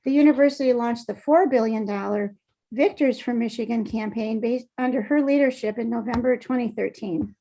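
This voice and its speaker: A woman's voice: on the high side, normal speed, vocal fry, dark tone, rough recording. A woman who is a university vice president, reading a prepared statement to a board and sometimes showing emotion. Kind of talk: formal board presentation.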